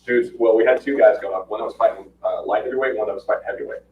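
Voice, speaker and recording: In a lowish, rapid-fire voice, a man spins fight stories during a casual chat, acting out what people said and laughing frequently. The podcast recording sounds muffled and far off, as if in a roomy space.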